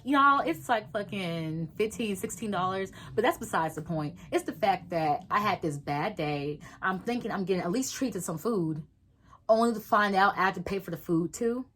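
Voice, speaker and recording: A young woman vlogger telling a storytime, swearing freely and acting out everyone's lines in lively voices. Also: fairly low pitch, rough recording. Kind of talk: storytime vlog.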